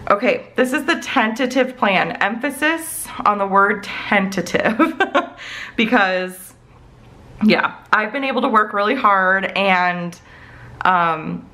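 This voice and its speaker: A woman's voice: medium pitch, a bit bright, low-quality recording. A woman in her thirties chatting casually in her home office while planning, rambling with many fillers. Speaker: planner vlogger. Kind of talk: casual chatty plan-with-me talk.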